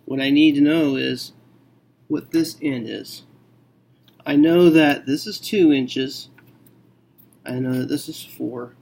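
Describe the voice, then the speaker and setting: A man teaching a math lesson, working through a problem slowly and thinking aloud with frequent okays. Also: medium pitch, creaky, darkish tone, a little hiss or hum.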